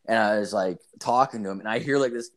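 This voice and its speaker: A man's voice: lowish voice, fast talker. A man in his thirties co-hosting a podcast, telling crude stories in a rambling, profane way and acting out the people in them. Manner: profane, rambling storytelling with acted quotes. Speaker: podcast co-host. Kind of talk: crude casual chat.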